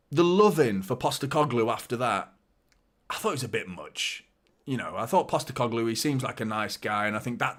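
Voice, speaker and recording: A man hosting a live football watchalong, chatting and joking with viewers and getting excited during attacks. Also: on the low side. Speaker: fan channel host. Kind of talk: live match watchalong commentary and chat.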